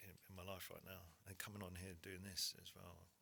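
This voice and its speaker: A man's voice: deep voice, level tone, gravelly, sharp tone, breathy edge. A man in his forties, a podcast guest telling a personal story candidly, stammering and restarting as he goes. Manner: honest, halting, frequent stammered restarts.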